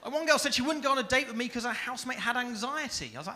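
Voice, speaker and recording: Dry-witted young British comic, bright voice. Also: male voice, extremely high pitch, fast, few pauses. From Stoke-on-Trent area, England. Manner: deadpan, dry one-liners. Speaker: stand-up comedian. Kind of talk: stand-up routine. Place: comedy club stage.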